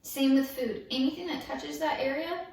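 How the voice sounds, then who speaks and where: A woman's voice: sits high, normal speed, vocal fry, far from the mic. A woman vlogger telling her story casually and candidly while in pain after dental surgery. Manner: candid, chatty, expressive. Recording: echoey room, voice off-mic. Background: faint yard work noise outside.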